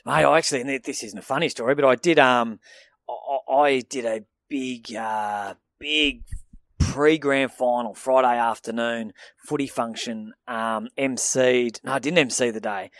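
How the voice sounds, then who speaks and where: A man's voice: mid-range voice, moderate pace, fairly bright tone, no room sound, studio quality. A young Australian man co-hosting a podcast, telling rambling stories in a casual, sweary way with lots of restarts. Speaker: podcast co-host. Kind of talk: casual chat.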